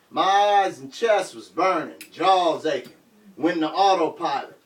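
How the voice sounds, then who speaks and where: Male spoken-word poet, slightly high voice, rhythmic rap-style phrasing, live reading in a bookshop, caught by a room mic from a distance. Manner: rhythmic, rap-like delivery with sudden loud shouts. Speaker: poet reading his work. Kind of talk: live performance reading of poetry and prose. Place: bookshop reading in front of an audience. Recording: roomy sound, mic far off.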